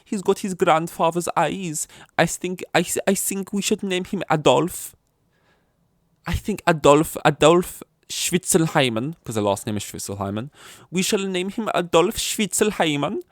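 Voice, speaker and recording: A man voicing a doting German parent of a newborn boy in a mock German accent that drifts Scandinavian, gushing in a high, slow, sing-song way. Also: lively intonation, no room sound, clean studio sound.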